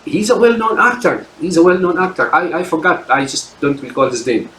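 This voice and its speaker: A man's voice: on the high side, sing-song, fairly quick, a bit bright, echoey room, low-quality recording. A man delivering an unscripted solo rant as a commentator, speaking in emphatic sweeping declarations and stumbling over many fillers and repeated words. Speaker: political commentator.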